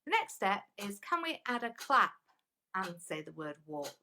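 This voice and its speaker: A woman's voice: medium pitch, very animated, measured pace, heavy background noise. A woman music teacher giving a patient, encouraging lesson and counting rhythms aloud.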